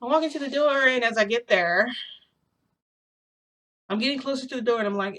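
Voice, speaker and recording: A woman's voice: a little high, brisk, a bit bright. A young adult woman telling a story in a casual, rambling, filler-heavy way.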